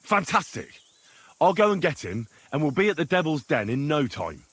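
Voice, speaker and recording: Dry weary young squire, husky voice, lively inflection. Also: male voice, on the high side, normal speed. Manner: dry, exasperated. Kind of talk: video game voice acting.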